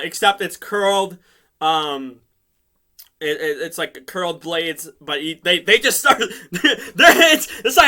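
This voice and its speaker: A man casually recapping a TV episode in an excitable, rambling way, laughing often and using lots of fillers. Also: high-pitched. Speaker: show reviewer.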